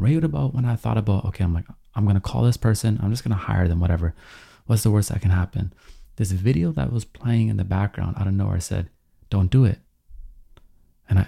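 Deep gravelly man telling a story. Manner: animated, slangy storytelling with quoted dialogue. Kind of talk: casual storytime vlog.

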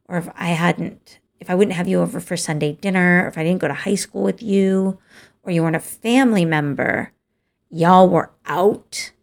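A middle-aged woman candidly telling a personal story, slowly acting out the dialogue. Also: lowish voice. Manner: slow, gravelly, candid, with quoted dialogue.

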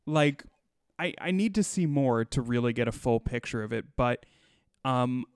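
A man co-hosting a podcast, chatting with animated enthusiasm and frequent laughter. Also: medium pitch, moderate pace, clean tone, dry recording, clean studio sound. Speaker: podcast co-host. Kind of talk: casual chat.

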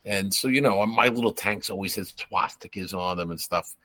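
A man's voice: low-pitched, normal speed, sharp tone. A man, a former police officer, telling anecdotes in casual podcast chat and acting out the quoted dialogue. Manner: storyteller who acts out quoted dialogue. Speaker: retired police officer guest.

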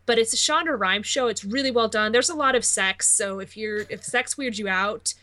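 Chatty female co-host, bright tone, excited and loose. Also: fairly high pitch, normal speed. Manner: enthusiastic, repeats words. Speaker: podcast co-host. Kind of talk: casual chat.

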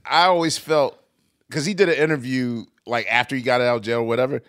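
A man's voice: medium pitch, fairly even intonation, a little fast, fairly bright tone, clean tone, dry recording, clean studio sound. A man hosting a podcast who asks curious follow-up questions and jokes around with his guest. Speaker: podcast host. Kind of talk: casual podcast interview.

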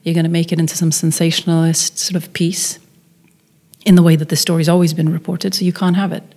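Telling a story as an interview guest, the middle-aged filmmaker from Norway brings the people she quotes to life by voicing them. Her pitch is on the low side and her delivery fast.

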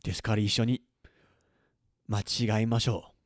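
A podcast host gives heartfelt, emotional thanks, hesitating often with plenty of ums. His voice is fairly low with fairly even intonation, and he speaks a little fast.

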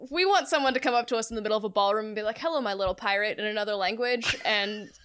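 A woman in casual chat, excitedly retelling a book's plot, laughing often and swearing freely. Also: medium pitch, very fast, smooth. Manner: animated, laughing storyteller who swears freely.

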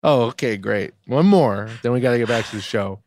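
A man hosting a podcast in casual chat, teasing his co-host with deliberately wrong answers. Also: mid-range voice, darkish tone. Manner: teasing, deliberately obtuse banter.

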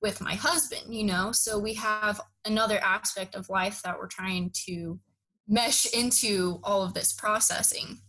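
A young woman in casual conversation, telling a long personal story with animated retellings of what people said. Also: mid-range voice, unhurried, low-quality recording. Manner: animated, acts out quoted dialogue. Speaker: interviewee recounting her enlistment process.

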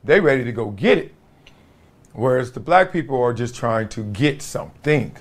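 A man hosting a podcast, talking casually in a slangy, animated monologue that swings between loud bursts and low asides. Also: moderate pace. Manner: slangy, preachy. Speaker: podcast host.

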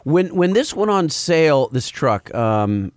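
A man's voice: fairly high pitch, very animated, slow, no echo, clean studio sound. A male host asking curious follow-up questions in a casual chat.

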